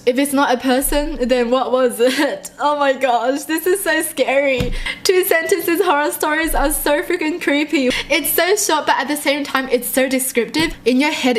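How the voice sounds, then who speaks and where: A young woman reading short horror stories aloud and reacting in a jumpy, excitable way, often laughing. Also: high-pitched.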